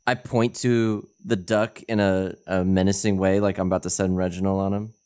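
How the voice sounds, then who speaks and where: A man's voice: low-pitched, little pitch movement, normal speed, background noise. A man playing in a tabletop game, chatting and joking in a playful way. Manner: playful, joking in-character asides. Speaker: player. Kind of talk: casual game chat.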